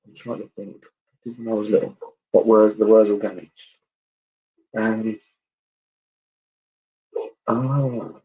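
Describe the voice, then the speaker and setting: A man gives a clairvoyant reading at a church service. His voice sits low with a husky edge. He talks in a chatty, halting way, full of ums and asides, and the online stream sounds dull and lo-fi. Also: steady tone. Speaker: spiritualist medium.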